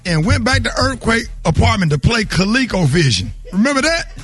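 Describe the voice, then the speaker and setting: A middle-aged man with a very high, bright voice hosts morning radio. He hypes his guest like a showman and banters with quick, excitable energy. Music sits faintly behind him. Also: slightly rough. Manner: excitable, laughing, hype-man introductions. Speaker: morning show host.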